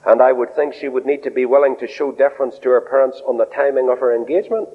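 A man preaching a sermon in an animated way. He swings his pitch up and down, acts out quoted voices and drops in humorous asides. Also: quick pace, breathy edge. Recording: dull lo-fi recording in a reverberant hall.

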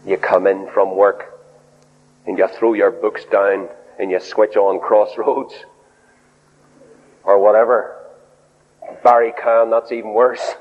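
A man preaching a sermon in an animated way. He swings his pitch up and down, acts out quoted voices and drops in humorous asides. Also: slow, long pauses, slight background noise. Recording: dull lo-fi recording in a reverberant hall.

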